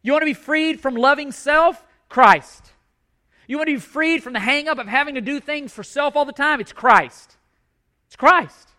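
A man's voice: very high-pitched, fast talker, few pauses, bright, forceful tone. A male pastor preaching a sermon, impassioned and emphatic, repeating his key points.

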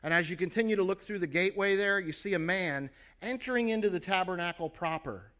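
A man's voice: sits high, fast talker, a bit bright. Earnest male preacher telling a story. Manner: earnest storytelling, addressing listeners directly. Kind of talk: sermon.

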